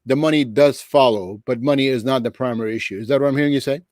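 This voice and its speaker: A man's voice: medium pitch, fast, a little mellow, no echo, clean studio sound. A man hosting a casual interview who is friendly and sums up what his guest says. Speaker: interview host.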